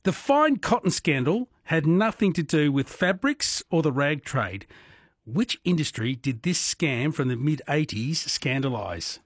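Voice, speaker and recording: A man's voice: fairly high pitch, very animated, measured pace, breathy edge, no room sound, studio quality. A man hosting a morning radio quiz in a chatty, conversational way. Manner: chatty, friendly and conversational, with fillers. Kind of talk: casual radio talk and quiz. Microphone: studio microphone.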